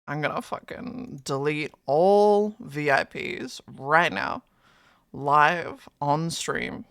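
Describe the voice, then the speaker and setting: An unhurried live streamer chatting with viewers, calling out names one after another and swearing freely. The delivery is playful and mock-dramatic, hyping things up and then undercutting them. The sound is dry, with no room around it. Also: mid-range voice, creaky, fairly bright tone, clean tone, no echo. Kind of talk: casual live-stream chat.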